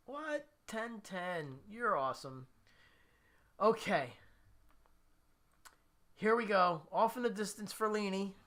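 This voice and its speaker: Man hosting a guitar livestream, bright tone, chatty, self-deprecating, laughs often. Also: fairly high pitch. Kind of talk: casual live-stream chat.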